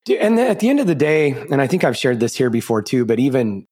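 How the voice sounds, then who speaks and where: A man's voice: mid-range voice, very animated, fast talker, darkish tone. A man co-hosting a podcast, talking candidly and loosely, swearing casually. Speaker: podcast co-host.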